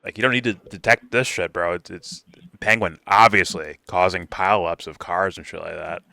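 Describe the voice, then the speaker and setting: A man's voice: low voice, sharp tone, no echo. A man hosting a reaction video, talking casually and animatedly with lots of swearing and mocking imitations of others. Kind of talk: casual profane reaction commentary.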